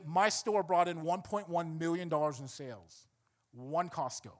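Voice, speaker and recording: A man preaching a sermon, telling a story and building to emphatic points. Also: high voice. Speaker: pastor.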